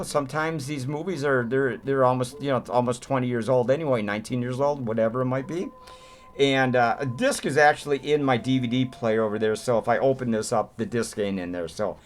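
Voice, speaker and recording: A man casually reviewing a movie at home, rambling with many fillers, repeating "man" and talking with eager enthusiasm. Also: medium pitch. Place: home room.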